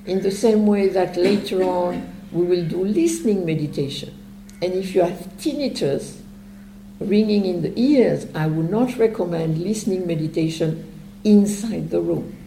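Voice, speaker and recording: A woman teaching a meditation method in a calm, unhurried, reflective way. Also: lowish voice, gravelly, reverberant, slight background noise, poor audio.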